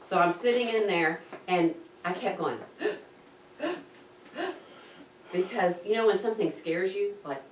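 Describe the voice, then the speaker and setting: Woman, low voice, chatty vlog storyteller who acts out her reactions; recorded at a distance in an echoey room. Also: normal speed, few pauses, a little hiss or hum. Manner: animated, acts out her own gasps and panic. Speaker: diving vlogger recounting her scuba course. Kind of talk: casual storytelling to camera. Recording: roomy echo, speaker set back from the mic.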